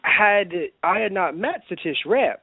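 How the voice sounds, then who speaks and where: A man's voice: high voice, lively intonation, unhurried, gravelly, no room sound. A man co-hosting a podcast in casual chat, rambling with lots of fillers and restarts. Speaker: podcast co-host. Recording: dry, tinny phone-like sound.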